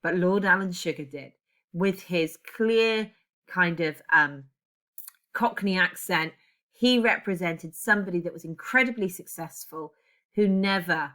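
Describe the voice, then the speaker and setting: A woman's voice: lowish voice, bright, forceful tone. A woman in her forties teaching a class, chatty and digressive, often correcting herself as she goes. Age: 40s. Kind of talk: classroom lesson.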